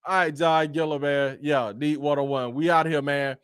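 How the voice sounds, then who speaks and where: A man's voice: on the high side, fairly even intonation, moderate pace, clear, resonant tone, no echo. A man hosting a casual sports podcast, easygoing and slangy, saying "man" often.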